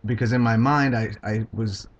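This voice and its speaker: Husky low-voiced man, halting recount. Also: fairly even intonation. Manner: halting, hesitant, many ums and restarts. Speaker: video blogger. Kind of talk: casual personal recount. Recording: dull lo-fi home video sound.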